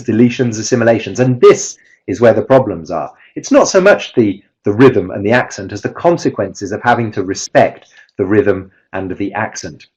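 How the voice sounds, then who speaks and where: The presenter of this webinar lecture on pronunciation teaching is a man whose fairly low voice sounds a little mellow and slightly rough. Heard over a video call, he is hesitant, full of fillers and restarts, and the audio is slightly dull.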